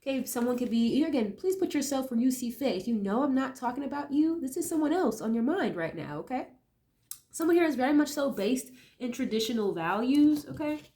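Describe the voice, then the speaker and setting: Woman, nasal from a cold, slightly high voice, chatty tarot reading, thinking out loud. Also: animated, a little fast. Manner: chatty, thinks aloud, many fillers and tag questions. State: getting over a cold. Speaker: tarot reader. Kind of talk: casual tarot reading to viewers.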